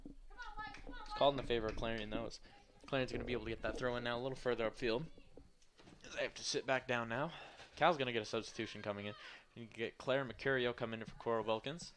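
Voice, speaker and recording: Quick-talking tired young man calling soccer. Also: medium pitch, big pitch swings, fairly bright tone, a little hiss or hum. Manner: fast, loose play-by-play with joking asides. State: tired, yawning. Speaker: play-by-play commentator. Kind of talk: live sports commentary.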